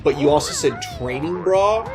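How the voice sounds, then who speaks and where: A man's voice: on the high side, lively intonation, normal speed. A man co-hosting a video game let's play, rambling and joking casually and swearing freely. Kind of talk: casual gameplay commentary. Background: game music.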